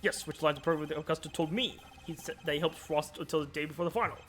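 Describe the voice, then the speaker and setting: A man voices a composed prosecutor from a video game, reasoning through the case in a measured way. His voice is slightly higher than average. Game music plays faintly in the background. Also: fairly even intonation, a bit bright, lightly acted. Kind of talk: reading game dialogue aloud.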